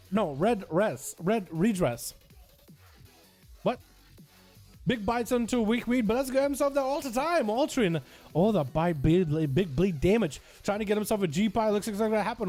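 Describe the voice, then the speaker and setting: A man giving excitable, gung-ho play-by-play commentary on player duels in an online game. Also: sits high, soft background music. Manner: excitable, gung-ho, quick reactions.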